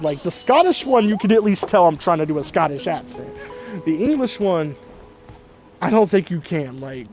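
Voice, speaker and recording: A man's voice: a little high, a little mellow. A man giving casual let's play commentary, rambling and laid-back, with frequent fillers and swearing. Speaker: gaming video host.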